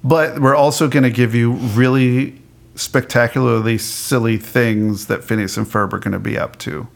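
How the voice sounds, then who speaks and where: Man with a gravelly voice, animated. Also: mid-range voice, normal speed. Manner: animated, laughs often, many restarts. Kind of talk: casual chat about a cartoon.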